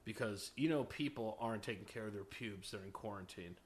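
A man's voice: on the low side, brisk. A young man co-hosting a podcast, teasing bluntly in crude casual banter. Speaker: podcast co-host.

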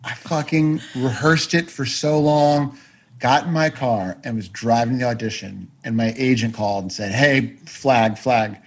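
Husky man telling rambling stories. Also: medium pitch, steady tone, normal speed, poor audio. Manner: rambling, self-deprecating, frequent restarts and swearing. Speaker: guest, actor and writer. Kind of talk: casual storytelling chat.

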